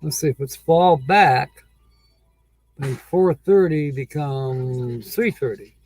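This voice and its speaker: A man's voice: medium pitch, takes it slowly, a little mellow, poor audio. A man hosting a casual livestream, chatting easygoingly with viewers and rambling with frequent chuckles. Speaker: livestream host. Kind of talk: casual livestream chat reading viewer comments.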